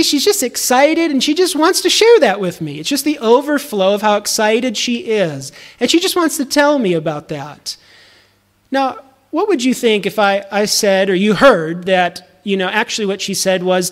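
A man's voice: sits high, normal speed. A man in his thirties preaching a conversational, earnest sermon to his congregation. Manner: earnest, conversational, repeats words when restarting. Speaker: pastor.

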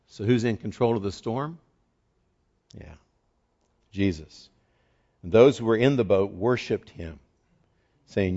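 A man from the eastern United States preaching a sermon as pastor, telling the story in a conversational, animated way. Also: lowish voice, normal speed, pauses often. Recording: dull lo-fi recording.

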